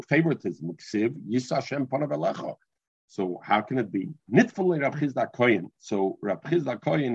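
A man leads a Talmud class, slipping Hebrew and words into his English and restarting sentences as he goes. His voice is husky and sits at an ordinary middle pitch. The recording sounds dull and lo-fi. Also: darkish tone, no room sound. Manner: mixes English with Hebrew and Yiddish terms, restarts often. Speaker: Talmud teacher.

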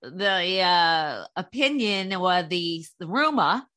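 A woman's voice: lowish voice, very animated, slow pace, pushed and bright. A woman hosting a podcast interview, praising and chatty with her guest. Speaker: podcast host.

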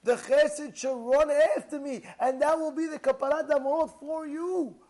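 High-voiced man teaching a lively lesson. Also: normal speed. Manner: animated, acts out quotes, repeats phrases. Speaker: rabbi. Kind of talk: Torah lesson to listeners.

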